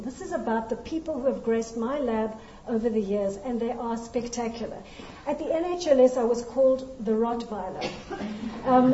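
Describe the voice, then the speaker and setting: A woman's voice: a little high, mellow, reverberant, dull audio, slight background noise. A middle-aged woman from South Africa with a South African accent, a scientist giving a formal lecture to an audience in an earnest, emphatic way, often restarting her sentences. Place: lecture hall.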